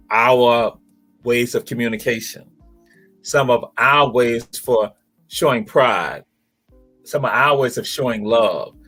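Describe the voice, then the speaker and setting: A man's voice: mid-range voice, fairly bright tone. A man hosting a talk show, speaking in a preacherly way and repeating phrases for emphasis. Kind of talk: spirited talk show monologue.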